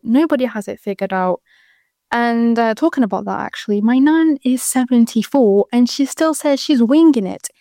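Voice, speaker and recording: A woman's voice: medium pitch, warm tone, dry recording, clean studio sound. A 22-year-old woman with a British accent, hosting a casual advice show and chatting frankly to listeners with rambling asides. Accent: British English.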